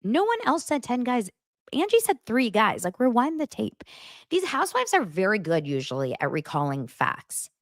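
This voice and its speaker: A woman's voice: fairly high pitch, wildly swooping pitch, moderate pace, dry recording, studio quality. A woman hosting a podcast, recapping reality TV in a sarcastic, exasperated way. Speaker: podcast host.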